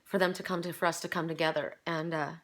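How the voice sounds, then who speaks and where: In a spiritual card reading video, a middle-aged woman reads oracle cards for her viewers in a low, level, quick and slightly bright voice. She speaks with open emotion and earnest conviction, stumbling and restarting phrases as she goes.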